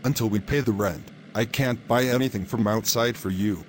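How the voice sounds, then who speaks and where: A man's voice: lowish voice, normal speed, slight background noise, close to an everyday voice. A man voicing a cunning tenant, sweet-talking to his face and smug behind his back. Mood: pleading. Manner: flattering in public, gloating in private. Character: scheming male tenant faking poverty, sly.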